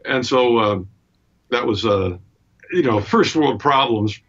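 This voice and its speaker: A man's voice: medium pitch, takes it slowly, fairly bright tone, highs cut off. A man, a guitarist being interviewed from his home studio, telling stories in a laid-back, wry way. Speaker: guitarist and guest. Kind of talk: relaxed interview chat.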